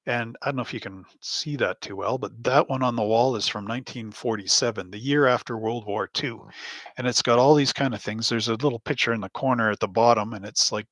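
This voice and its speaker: A man's voice: medium pitch, a little fast, a bit bright, dry recording. Male host, casual live stream chat, rambling, anecdotal, chuckles often, dry close sound. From Canada. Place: home hobby room.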